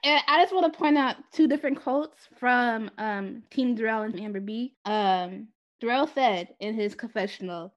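A woman's voice: a little high, normal speed, hardly any pauses. A woman co-hosting a podcast, chatting casually and laughing often as she recaps. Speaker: podcast co-host. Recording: dull lo-fi audio.

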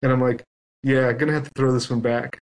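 A man's voice: mid-range voice, steady tone, brisk, rough recording. A man on a podcast telling a long story in casual chat, acting out both sides of it. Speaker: guest.

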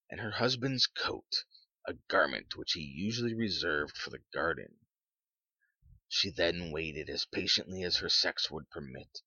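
A man reading a story aloud in measured, even narration, on a dull lo-fi recording. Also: rumbling low, breathy edge, no echo.

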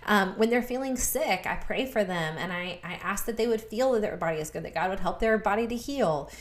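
A woman's voice: mid-range voice, a little fast. A woman in her thirties speaking earnestly in a faith-based podcast conversation, repeating words for emphasis. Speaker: guest speaker.

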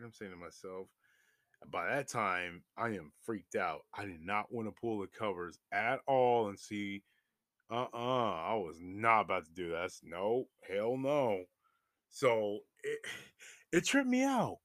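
A young man casually telling a story to his viewers, animated and swearing freely, his voice jumping up when he gets excited. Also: fairly low pitch, unhurried, no room sound, clean studio sound. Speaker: vlogger.

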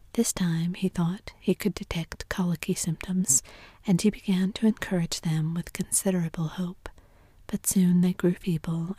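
A woman reads a classic story aloud in whispered role-play, soft and measured. Her hushed voice is dark and husky, recorded close and dry. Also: fairly low pitch, no echo. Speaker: narrator.

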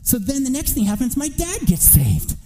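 Male preacher, high voice, very bright edge, animated storyteller, builds to near-shouting. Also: moderate pace, poor audio. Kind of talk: sermon testimony.

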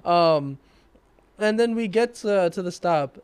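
A young man casually telling a story to friends, animated and laughing as he acts out what people said. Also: sits high, takes it slowly, clean tone.

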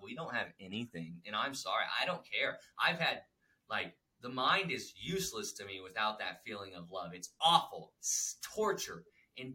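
A man co-hosting a podcast, talking in a rambling, animated way about feelings and fear, with many restarts. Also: medium pitch, rough recording. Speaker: podcast co-host. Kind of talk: casual spiritual chat.

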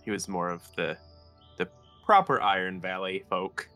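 A man's voice: sits low, normal speed, bright, forceful tone, faint music behind. A man playing in a tabletop game, asking questions in a casual way. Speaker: player.

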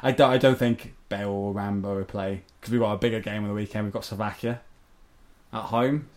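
A man's voice: on the low side, fairly even intonation, brisk. A man hosting a podcast, chatting casually and rambling through his stories with frequent laughter and mild swearing. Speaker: podcast host. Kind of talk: casual chat.

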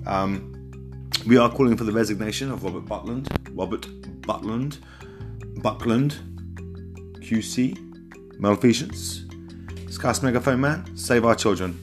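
A man's voice: mid-range voice, unhurried, pauses often, music in the background. A man hosting a podcast, giving a loose, rambling intro and correcting himself as he goes. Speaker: podcast host.

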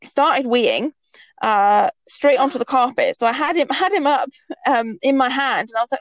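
A young woman from Northeast England chats on a podcast, telling everyday stories with lots of "like" and a slightly high voice. The recording is dry and close, with no room sound. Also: normal speed, dry recording, poor audio. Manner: chatty storytelling, lots of "like". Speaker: podcast co-host. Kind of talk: casual chat.

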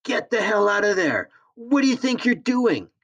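A man's voice: medium pitch, animated, normal speed, lo-fi sound, close to an everyday voice. A man voicing a fierce, secretive woman living in the bush who shrieks in fury. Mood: shrieking fury. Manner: shrieking, furious.

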